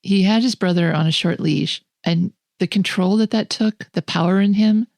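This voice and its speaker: A woman with a lowish voice and a darkish tone co-hosts a film podcast, chatting casually about movies. She's enthusiastic and opinionated and laughs often. The sound is clean studio quality with no room sound.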